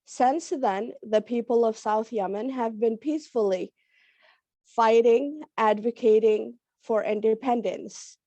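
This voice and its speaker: A woman with a cold and a raspy voice, giving a halting panel talk on a video call with many fillers. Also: on the high side, mellow, dry recording. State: hoarse from a cold. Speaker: panel speaker. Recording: dull lo-fi video call audio.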